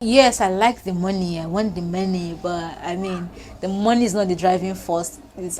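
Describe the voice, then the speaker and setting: A woman's voice: on the low side, a little mellow. A young woman vlogger talking casually to her phone camera at home, chatty and reflective, often saying "like". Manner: chatty and reflective, with many fillers like "like". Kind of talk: casual year-end vlog talk to camera.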